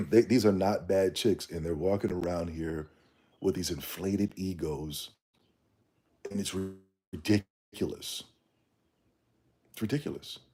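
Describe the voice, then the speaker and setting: A man's voice: deep voice, unhurried, pauses often, mellow, breathy edge. A man hosting a casual livestream, ranting bluntly in slangy talk and reading the chat. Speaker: streamer.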